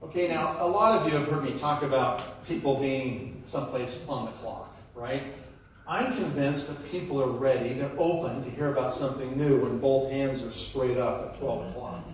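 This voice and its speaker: A man giving an energetic live motivational talk to a hall audience, swinging into loud emphatic bursts and quizzing the crowd, captured from afar on a phone. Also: mid-range voice, normal speed, recorded from a distance, a little hiss or hum. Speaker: motivational speaker at a sales event. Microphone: phone recording from the audience.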